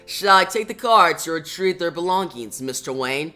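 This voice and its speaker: A reviewer reading out a calm, kind grown male hero from a comic, a little lower and softer than their own talk. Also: moderate pace, soft background music. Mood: earnest.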